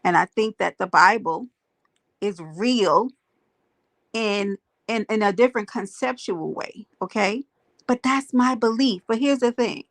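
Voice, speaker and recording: Gravelly woman hosting a livestream. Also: mid-range voice, measured pace, no room sound. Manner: talks to chat, greets viewers by name; emphatic, preachy asides. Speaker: livestream host. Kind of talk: casual livestream chat.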